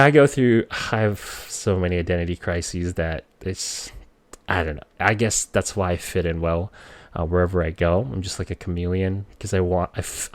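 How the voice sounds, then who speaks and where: This is a relaxed personal anecdote told by a man from the Philippines with a deep-set, low voice. Whenever he quotes what he said as a kid, he springs into a high voice; the recording is close and dry, free of any room sound.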